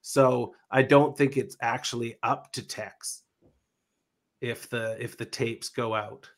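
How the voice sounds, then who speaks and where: A man's voice: medium pitch, steady tone, slow. A man hosting a casual podcast panel discussion, rambling, swearing freely and trailing off mid-sentence. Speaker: podcast host.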